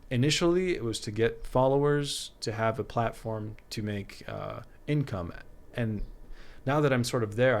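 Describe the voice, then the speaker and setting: A man talking as a guest on a podcast, rambling with many fillers and frequent laughs. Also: medium pitch. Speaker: guest artist. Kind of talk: casual podcast chat.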